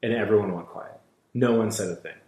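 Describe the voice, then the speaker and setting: A man's voice: fairly low pitch, brisk, a little mellow. A man who works as a hunting guide, telling stories bluntly in casual podcast talk, swearing freely and acting out the dialogue. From Washington State, USA. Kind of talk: casual storytelling. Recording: roomy echo.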